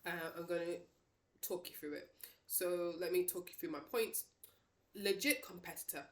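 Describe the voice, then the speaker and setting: Woman, wrestling commentator, casual monologue, emphatic, lowish voice, roomy echo. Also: moderate pace. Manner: animated, emphatic, talks straight to viewers.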